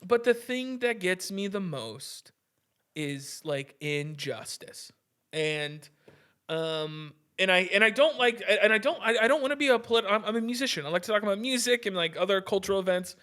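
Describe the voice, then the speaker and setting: High-voiced man ranting on a podcast. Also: animated, moderate pace, pushed and bright. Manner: heated, profane, restarts often, says "dude" a lot. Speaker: podcast host. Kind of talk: casual ranting podcast monologue.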